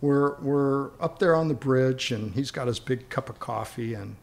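A man's voice: mid-range voice, moderate pace, creaky. A man casually telling a long anecdote in a rambling way, often repeating words as he starts a thought. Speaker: guest storyteller.

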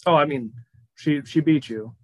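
Male game master, casual and loose, mid-pitched, dry sound. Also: normal speed, dry recording, low-quality recording. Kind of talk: narrating a tabletop game.

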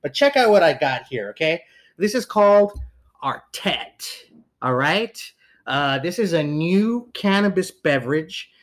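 A man's voice: on the high side, very animated. Rambling, teasing male show host. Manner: fast, rambling with fillers, teasing. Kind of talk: casual chat.

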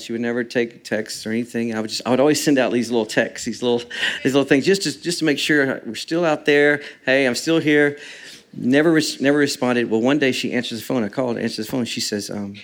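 A man telling a personal story in casual talk, halting with many restarts and frequent laughter. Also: medium pitch.

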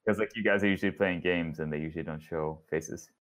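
Young man, podcast guest, low voice, dry humor, casual. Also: fairly even intonation, fast, fairly bright tone. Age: young adult. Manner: dry joking.

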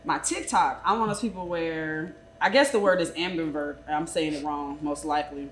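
A woman's voice: low-pitched, moderate pace, a little hiss or hum. A young adult woman co-hosting a podcast and chatting casually, a bubbly, rambling storyteller who works as a hairstylist. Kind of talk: casual chat.

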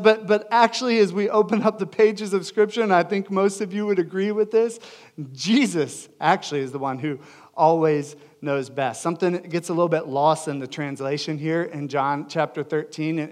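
A young adult man preaching a sermon as pastor, earnest and emphatic, swinging between loud and hushed delivery. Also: fairly high pitch.

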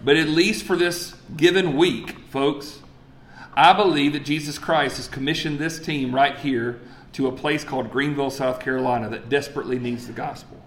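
A man preaching a sermon, telling stories with lively energy and dropping to quiet emphasis. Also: medium pitch, normal speed, reverberant, a little hiss or hum. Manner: animated storytelling, swings from loud excitement to quiet emphasis. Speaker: pastor. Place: church sanctuary.

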